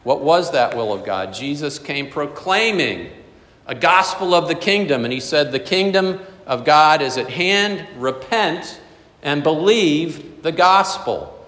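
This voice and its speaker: A man's voice: on the high side, animated, a little slow, a bit bright, big-room sound. A man preaching a sermon as pastor. He reads scripture aloud, then explains it in a conversational way.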